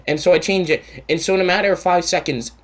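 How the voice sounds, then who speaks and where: A man's voice: high-pitched, fast talker. Rambling, foul-mouthed Canadian man ranting. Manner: rambling, profane and sarcastic. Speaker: channel host. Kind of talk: casual storytime rant.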